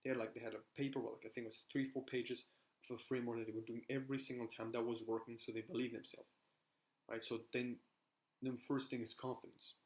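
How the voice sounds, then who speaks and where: A young man gives casual sales coaching straight to camera. His pitch sits mid-range and barely rises or falls. He rambles loosely, checking in with "right?" and often starting his sentences over. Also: level tone, fast talker, rough recording. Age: young adult. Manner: rambling, with frequent "right?" tags and restarts. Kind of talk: casual talking-head advice.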